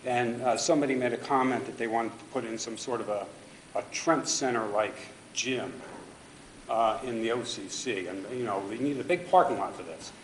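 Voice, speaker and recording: A man's voice: mid-range voice, normal speed, slight background noise. A man giving public comment at a city council meeting, pressing pointed objections with emphasis. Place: council chamber. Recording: echoey council chamber.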